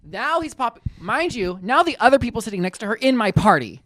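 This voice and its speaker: A man co-hosting a podcast tells a story in casual conversation, his voice sitting high and moving a little fast. He is animated, playing the people he quotes in big voices. The sound is clean studio quality with no room sound.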